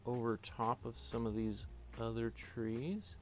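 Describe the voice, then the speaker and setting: A man's voice: medium pitch, steady tone, takes it slowly. A man with a Canadian accent teaching a painting class, thinking aloud while he works, with many fillers and restarts. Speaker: art teacher.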